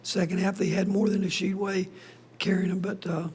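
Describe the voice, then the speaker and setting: A man speaking as a basketball head coach at a postgame press conference, hoarse with his voice nearly gone, in a breathy half-whisper that keeps stopping and restarting sentences. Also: sits high, little pitch movement, darkish tone, slight background noise. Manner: halting, restarts sentences often.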